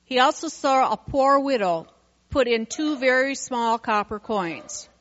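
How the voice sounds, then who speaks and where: A woman's voice: sits high, lively intonation, measured pace, fairly bright tone, dull audio. Woman reading scripture in a reverberant church. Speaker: scripture reader.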